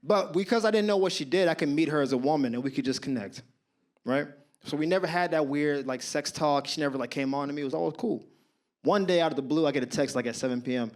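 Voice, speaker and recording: A man in his thirties works a comedy club stage with a handheld mic. His voice sits high for a man and stays animated and slangy. He often laughs through his own punchlines. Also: quick pace. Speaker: stand-up comedian. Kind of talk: stand-up comedy storytelling.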